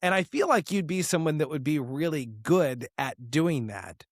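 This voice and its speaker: A man's voice: on the high side, sing-song, moderate pace, dry recording, clean studio sound. A man hosting a podcast, speaking earnestly and reflectively in casual conversation. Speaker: podcast host.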